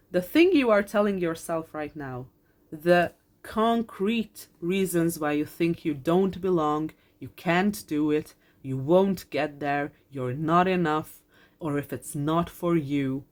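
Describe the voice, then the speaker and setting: Low-pitched woman reading tarot cards for viewers; earnest and reassuring, repeats lines, swears casually, close to tears. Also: a little mellow. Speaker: tarot card reader. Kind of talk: pick-a-card reading, spoken to viewers.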